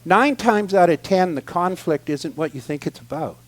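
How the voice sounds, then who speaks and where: Man, high voice, guest speaker, humorous storytelling, animated, loud then hushed. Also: moderate pace. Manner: animated, expressive, swings from loud excitement to quiet asides.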